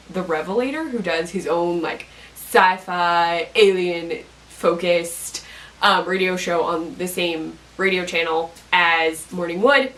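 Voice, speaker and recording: A woman's voice: fairly low pitch, fairly bright tone, far from the mic, rough recording. A young woman vlogger in casual chat about a podcast she likes, rambling with lots of fillers and self-corrections.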